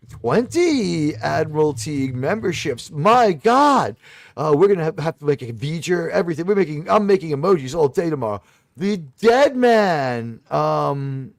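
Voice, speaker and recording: A man's voice: fairly high pitch, dry recording, studio quality. A man with a New York accent slightly touched by Boston, hosting a live stream panel in a rambling, effusive way with many fillers and restarts. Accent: New York, slightly Boston-tinged. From New York City. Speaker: host of a live watch-party panel stream. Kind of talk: casual live-stream chat.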